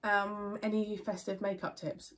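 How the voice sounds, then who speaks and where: Here a young woman's mid-range voice stays level and measured while she handles a casual viewer Q&A. Congestion makes her stuffy and nasal, and as a YouTuber she wanders through her answers, full of "um" and "like," frequently correcting herself.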